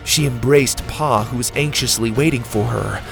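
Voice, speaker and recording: A man narrating a children's adventure story, with lively reading that jumps up loud and high for the characters' shouts. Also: moderate pace, creaky, over music.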